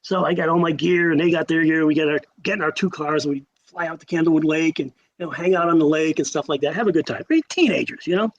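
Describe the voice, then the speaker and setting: A man in his sixties with a high-pitched voice tells stories as a podcast guest. He is animated, with sudden jumps in pitch, emphatic repeats and a storyteller's pauses. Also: dull audio. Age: 60s.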